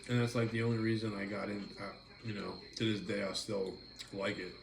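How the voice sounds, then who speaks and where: A man's voice: on the low side, steady tone, a little fast, gravelly, echoey room, background noise. A man hosting a live stream, chatting playfully and teasingly with his viewers. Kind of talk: casual chat with viewers.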